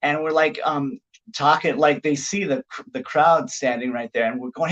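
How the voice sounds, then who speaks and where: A middle-aged man tells wrestling-locker-room stories in a lively, rambling podcast chat, leaning on "like" as he goes. His voice sits a little high for a man. The recording is muffled and lo-fi. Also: moderate pace. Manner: animated anecdote-telling, heavy use of "like". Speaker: pro wrestler guest. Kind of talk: casual podcast storytelling.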